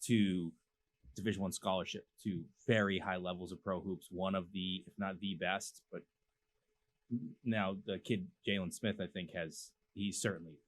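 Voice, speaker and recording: A man hosting a casual interview, friendly and quick to laugh. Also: low voice, fairly even intonation, slight background noise. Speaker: host.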